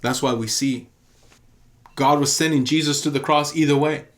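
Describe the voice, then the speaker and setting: A pastor delivers a teaching sermon in a somewhat high voice for a man. He tells his story earnestly and emphatically, often repeating a key phrase to drive the point home. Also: steady tone, moderate pace.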